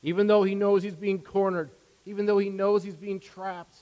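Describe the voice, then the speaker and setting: A man preaching a sermon as a pastor, earnest, repeating words as his volume swings from soft to loud. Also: high voice, little pitch movement, normal speed, big-room sound, highs cut off.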